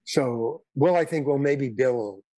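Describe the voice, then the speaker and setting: A man's voice: mid-range voice, a little slow, dark tone, no room sound. A man in his eighties, a guest actor and comedian, telling casual anecdotes in a rambling way, with repeated words, restarts and some blunt swearing.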